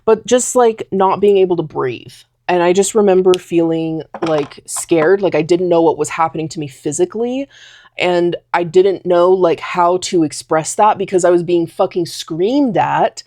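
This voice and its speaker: A woman's voice: fairly low pitch, moderate pace, darkish tone, no room sound, clean studio sound. A young woman telling a personal story in a casual talking vlog, rambling with lots of fillers. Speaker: vlogger.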